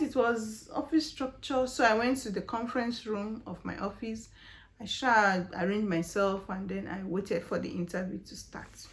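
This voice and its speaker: A young woman vlogger with a Nigerian accent chats animatedly, telling a story in a casual vlog packed with fillers and rhetorical questions. Her voice is medium in pitch.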